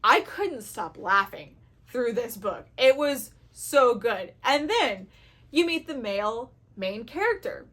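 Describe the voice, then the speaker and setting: A woman with a high, bright voice talks casually to her viewers about the books she loves. She gushes openly and acts out her own reactions as she goes. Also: sing-song, slow. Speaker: book reviewer. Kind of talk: casual chat to camera.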